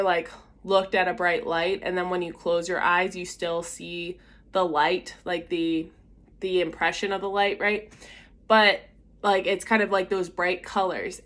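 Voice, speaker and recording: A woman's voice: fairly low pitch, fairly bright tone. A young woman telling a personal faith story in a casual, chatty way, with lots of fillers and acted-out quotes. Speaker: vlogger sharing a faith story.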